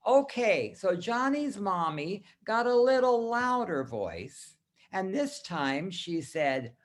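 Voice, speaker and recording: A man teaching other teachers over a video call, telling a children's story song in a slow, sing-song way and leading the group to sing along. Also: high voice, sing-song. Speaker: teacher trainer.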